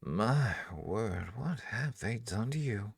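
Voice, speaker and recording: A haughty rival sorceress with a cool, superior drawl, as a male narrator does her voice. She sounds low and gravelly, delivered close and dry with no room sound. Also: lively intonation, takes it slowly, no room sound, recorded from a distance, full character voice. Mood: mocking. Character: haughty red-haired woman court wizard, rival.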